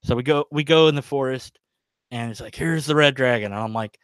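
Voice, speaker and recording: A man's voice: medium pitch, brisk, clear, resonant tone, dry recording. A man telling a long, rambling story on his livestream, chuckling as he goes, full of fillers. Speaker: livestream host. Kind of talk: casual storytelling.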